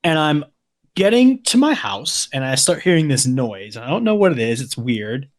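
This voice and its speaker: A man co-hosting a podcast, calm and teasing, building a story up at a measured pace. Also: mid-range voice. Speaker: podcast co-host. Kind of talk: casual storytelling.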